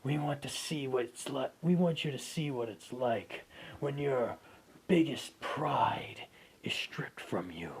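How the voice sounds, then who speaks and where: A man's voice: medium pitch, takes it slowly, slightly rough, full character voice. A man as a cold, taunting young warrior. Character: defiant young male warrior prince.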